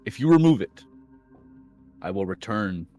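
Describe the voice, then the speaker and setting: Man putting on a grave, hushed beast cat. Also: lowish voice, sing-song, a little slow, soft background music. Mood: ominous. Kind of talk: narrating a tabletop game.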